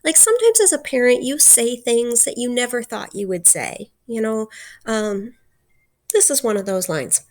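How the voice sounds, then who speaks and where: A woman's voice: on the high side, lively intonation, normal speed, darkish tone. Chatty woman teacher retelling a story. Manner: chatty, full of fillers, acts out dialogue. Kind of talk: retelling and explaining a novel chapter.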